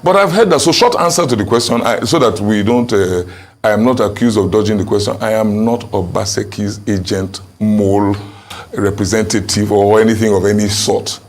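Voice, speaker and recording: A man's voice: lowish voice, normal speed. A Nigerian man speaking as a political candidate, answering questions in an emphatic, insistent way. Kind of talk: interview answers.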